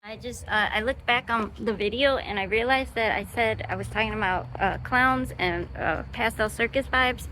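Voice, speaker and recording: A young woman with a bright, clear voice talks straight to her camera in an unscripted vlog. She rambles from thought to thought, full of fillers and restarts. Her tone is easygoing and she swears now and then. Faint outdoor ambience sits behind her. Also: a little high, moderate pace, hardly any pauses, a little hiss or hum, low-quality recording. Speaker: vlogger.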